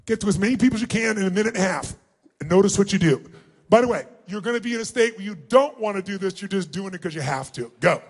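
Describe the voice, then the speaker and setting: A man with a very high voice speaking from a stage in a large arena, driving a huge crowd through an exercise. He is energetic and commanding and often shouts questions for the audience to call back. His tone is forceful and his delivery is lively. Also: quick pace, husky. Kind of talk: live seminar talk to a huge crowd.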